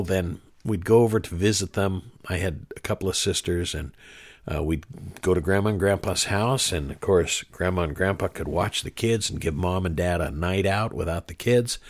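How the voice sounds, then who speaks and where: A man's voice: sits low, moderate pace. A man telling anecdotes as an interview guest, chuckling now and then. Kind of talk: casual storytelling.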